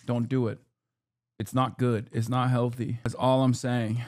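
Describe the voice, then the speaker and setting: A man's voice: mid-range voice, little pitch movement, unhurried, a little mellow, no echo, clean studio sound. A man reacting on a live stream, arguing with a clip and joking with his chat in a heated, profane way.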